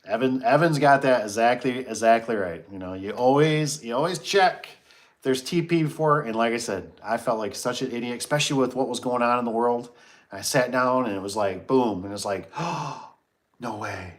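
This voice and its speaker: A man's voice: mid-range voice, a little fast. A middle-aged man hosting a casual livestream, telling a story and reading chat comments, acting out his own reactions.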